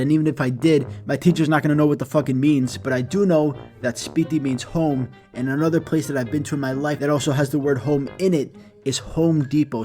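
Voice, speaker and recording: A young man telling an animated comedy story with fast, profane, exaggerated delivery. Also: medium pitch.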